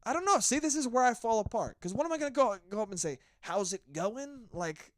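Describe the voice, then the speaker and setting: A man's voice: very high-pitched, fast talker, no echo, studio quality. A man in his twenties hosting his own podcast alone, ranting in a casual, profane, rambling way. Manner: animated, profane, rambling rant. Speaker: podcast host. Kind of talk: casual solo podcast monologue.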